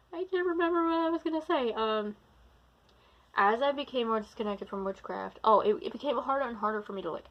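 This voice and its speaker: A woman's voice: medium pitch, highs cut off. Rambling woman, mock British accent. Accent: slipping into a put-on British-like accent. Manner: rambling, loses her train of thought, trails off and restarts. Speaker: vlogger, practicing witch and druid. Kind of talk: casual talking-to-camera vlog. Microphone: camera recording herself.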